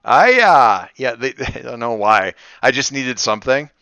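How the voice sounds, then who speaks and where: A man running a tabletop game, thinking aloud with many halting restarts. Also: mid-range voice, steady tone, sharp tone, smooth, no echo, dull audio. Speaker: game master.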